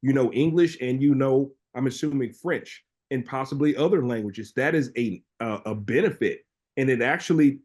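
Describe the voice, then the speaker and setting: A man's voice: mid-range voice, darkish tone. Supportive man co-hosting a webinar. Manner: supportive, loose, some restarts. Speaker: co-host. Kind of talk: live Q&A webinar.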